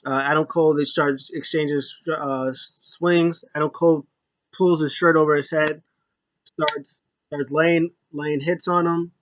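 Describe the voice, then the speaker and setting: Excitable man recapping a wrestling match. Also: a little high, measured pace. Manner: excitable, acts out wrestlers' lines in raised voices. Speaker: wrestling show reviewer. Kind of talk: casual play-by-play recap.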